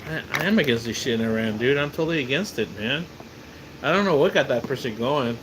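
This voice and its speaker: A man's voice: medium pitch, animated, fast talker, a bit bright, a little hiss or hum. A man live streaming from outside his house, rambling in casual chat, repeating words and swearing when he gets riled up. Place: outdoors near his house.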